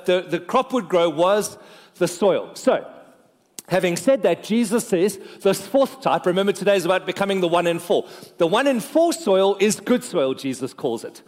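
A male pastor preaching a sermon in a lively, joking way, talking straight to his congregation. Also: high-pitched. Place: church. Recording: long reverb of a church hall.

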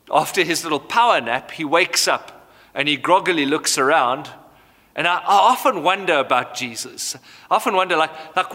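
A man in his thirties, a pastor preaching a sermon with animated storytelling. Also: a little high. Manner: animated storytelling, acts out voices. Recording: hall reverb.

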